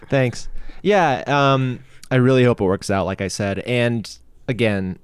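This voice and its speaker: A man co-hosting a comedic podcast, talking in a deadpan, mock-serious way about his own script. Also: medium pitch, slow, smooth, dry recording. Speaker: podcast co-host and script writer.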